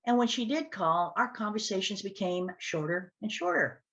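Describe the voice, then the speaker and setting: A woman telling a personal story as a speaker and communication coach, animated and lively, with big swings in her voice. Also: medium pitch, normal speed. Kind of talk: storytelling talk to camera.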